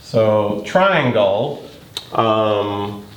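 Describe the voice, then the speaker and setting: A man's voice: on the low side, lively intonation, lo-fi sound. A man teaching a geometry lesson, thinking aloud as he works through a proof step by step. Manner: slow, thinking aloud while working a proof. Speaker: math teacher. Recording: roomy recording with faint noise.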